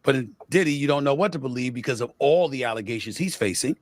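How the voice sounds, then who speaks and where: A man giving measured spoken commentary, deliberate and weighing both sides of a case. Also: medium pitch, expressive, dry recording. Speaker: sports show producer.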